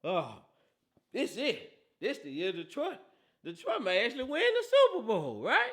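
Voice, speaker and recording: A man's voice: very high-pitched, huge pitch swings, measured pace, bright, forceful tone. A man hosting a casual football talk show, teasing and laughing often, with a habit of asking "right?". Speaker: host.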